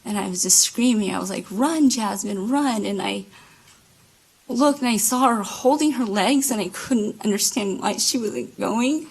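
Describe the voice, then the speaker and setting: A woman giving courtroom testimony as a witness, halting, with many fillers and restarts. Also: medium pitch, slightly rough, rough recording. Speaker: trial witness. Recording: courtroom microphone.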